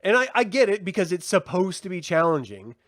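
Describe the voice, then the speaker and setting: A man co-hosting a casual review chat, animated and swearing, laughing often and slipping into mocking voices. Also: high-pitched, brisk, no room sound, clean studio sound. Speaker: podcast co-host.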